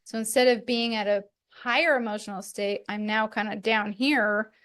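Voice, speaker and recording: A woman's voice: medium pitch, fairly even intonation, normal speed, fairly bright tone. A middle-aged woman hosting a podcast, talking candidly and reflectively in casual chat, with light laughs now and then. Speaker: podcast host.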